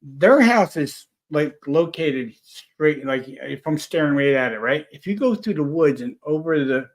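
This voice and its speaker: A man telling a story in a casual chat, rambling and animated, full of restarts. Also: fairly high pitch, unhurried. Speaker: paranormal investigator guest.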